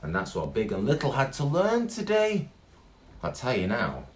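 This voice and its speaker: A man reading a story aloud to children, animated and full of gasps and exclamations. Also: mid-range voice, normal speed, slight background noise. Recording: echoey room with faint guitar.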